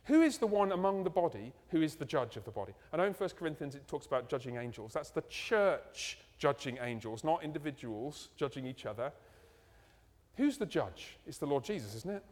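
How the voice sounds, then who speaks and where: A man preaching a sermon, animated and full of rhetorical questions. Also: a little high. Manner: animated, rhetorical questions, ending in slow hushed prayer. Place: church. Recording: church hall reverb.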